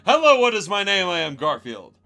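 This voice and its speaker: A man's voice: high voice, big pitch swings, brisk, sharp tone, soft background music, pitched above the performer's own voice, exaggerated voice. A man reading aloud and putting on the voice of a boastful, hunky male Garfield who speaks in a stiff, declaiming way. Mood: booming.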